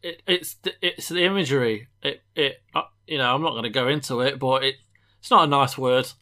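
A young English man co-hosting a podcast, excitable and chatty with frequent stammering restarts. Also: mid-range voice, brisk. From England. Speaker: podcast co-host. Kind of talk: casual podcast chat.

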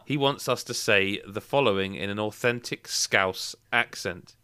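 A man's voice: on the low side, measured pace, bright, forceful tone, clean tone, no room sound, studio quality. A man hosting a podcast, reading out questions and joking with friends, often laughing. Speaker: podcast host. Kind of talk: casual podcast banter.

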